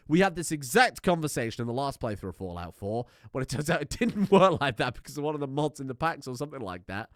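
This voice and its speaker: A man's voice: medium pitch, very animated, fast talker, few pauses, no room sound, clean studio sound. Sweary British man streaming a game. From United Kingdom. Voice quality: joking, sweary banter. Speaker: gaming streamer. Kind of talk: let's play commentary. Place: room at home at a desk.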